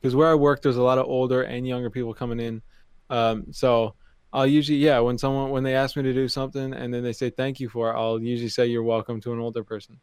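A man's voice: medium pitch, little pitch movement, quick pace, a little mellow, clean tone, no room sound, studio quality. Young man telling stories. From Canada. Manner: storytelling, repeats phrases as he thinks. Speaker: podcast co-host. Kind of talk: casual chat.

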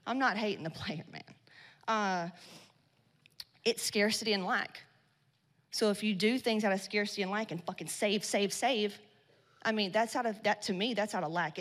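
A woman giving a blunt, profane motivational talk to a live audience at a women's business event. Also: mid-range voice. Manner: blunt, swearing, slangy and loud in bursts. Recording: long hall reverb.

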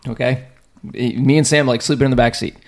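A man's voice: medium pitch, a crowd in the background. A man, hosting a podcast and telling a rambling story, acting out what people said. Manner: rambling storyteller, quick and animated, acts out quotes. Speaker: podcast host. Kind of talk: casual chat.

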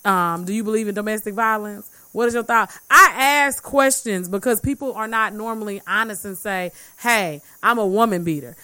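A woman's voice: mid-range voice, normal speed, hardly any pauses, bright, forceful tone, clear, resonant tone. A woman in casual chat, blunt and argumentative, often acting out what others say. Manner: blunt, argumentative, quotes others in put-on voices.

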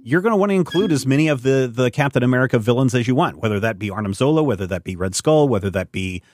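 A man co-hosts a casual comic review chat. He talks in a rambling, animated way and often circles back to correct himself. His voice sits close to the mic with no room sound. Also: mid-range voice, quick pace, no echo. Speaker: podcast co-host.

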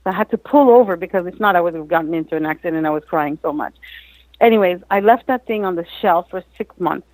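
A woman, a mindset coach and author, telling her story as an interview guest, lively and acting out quotes with frequent restarts. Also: fairly low pitch, quick pace, no room sound, low-quality recording.

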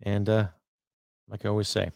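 A man's voice: fairly low pitch, monotone, moderate pace, vocal fry, darkish tone, no room sound. A man from Canada hosting a podcast, ranting angrily and emphatically with profanity and rhetorical questions. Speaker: podcast host. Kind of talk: political rant podcast.

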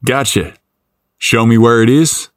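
A man's voice: medium pitch, measured pace, no echo, studio quality, lightly acted. A man voicing a friendly young male cable repairman with a country accent, easygoing and helpful.

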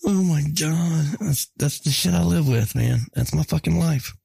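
A man's voice: on the high side, normal speed, gravelly, a little mellow, breathy edge, no room sound. A man, telling casual stories on a podcast, swearing freely and laughing along as he goes. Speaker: podcast co-host. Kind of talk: casual profane storytelling.

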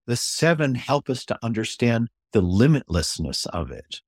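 An older man, an author and ministry leader, talking as a guest in an interview. He tells stories in an animated way, often restarts phrases, and acts out quotes in a raised voice. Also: medium pitch, normal speed, breathy edge, dry recording, clean studio sound. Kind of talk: conversational storytelling interview.

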